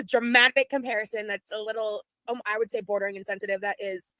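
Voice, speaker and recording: A woman in her thirties rambles casually while reacting to her own old clips. Her voice is bright and sharp and she talks fast. The sound is dry and close. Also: mid-range voice, fairly even intonation, no echo, low-quality recording. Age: 30s. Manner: chatty, rambling, quick.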